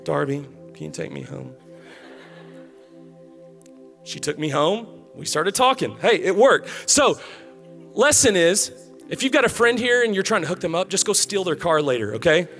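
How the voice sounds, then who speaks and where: A man's voice: sits high, big pitch swings, normal speed, fairly bright tone, soft background music. Casual young man preaching to students. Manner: casual, conversational preaching with storytelling. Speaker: pastor. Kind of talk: sermon.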